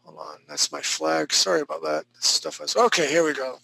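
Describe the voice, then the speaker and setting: Gravelly, bright-voiced joking art teacher. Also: male voice, a little high, fairly quick, rough recording. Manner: joking, laid-back, chatty. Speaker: art instructor. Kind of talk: live online drawing class critique.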